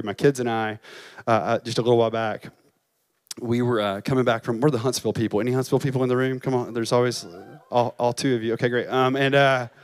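A man's voice: mid-range voice, no room sound. A man, a campus pastor, preaching a chapel sermon and telling a story with emotion, at times crying. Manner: emotional storytelling, voice rising and breaking.

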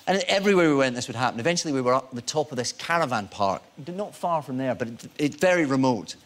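A man in his forties, an actor guest on a talk show, telling animated anecdotes with self-deprecating humor. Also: medium pitch, fast.

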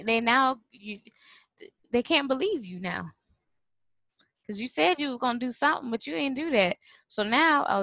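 A woman's voice: a little high, fairly bright tone, no room sound. A woman telling a story casually to camera, acting out quotes and laughing often. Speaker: vlogger and former preschool teacher.

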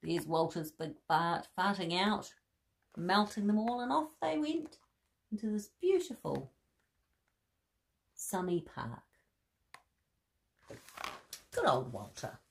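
A woman reading a bedtime story aloud to children, expressive, with soft gasps and friendly asides. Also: medium pitch, takes it slowly, vocal fry, long pauses.

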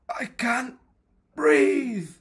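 A reader voicing a bossy male talking head from a folktale, in a raised, excited voice. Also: medium pitch, slow, slightly rough, full character voice. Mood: alarmed.

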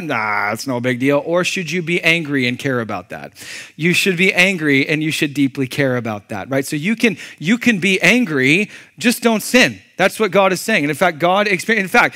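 A male pastor delivering a sermon with a tense, forceful brightness to his voice. He talks to the congregation conversationally, asking them questions, then surges into loud emphasis before dropping low and intense.

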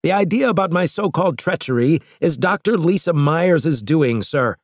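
Resolute starship captain pressing hard, as a male narrator puts him on, raised pitch, lively, dry close sound. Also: moderate pace, dry recording. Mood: urgent. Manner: urgent and insistent.

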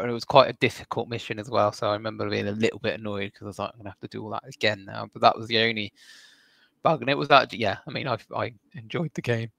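A man's voice: on the low side, vocal fry, a bit bright, no echo. A man co-hosting a gaming podcast, rambling through stories in casual chat and laughing often. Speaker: podcast co-host.

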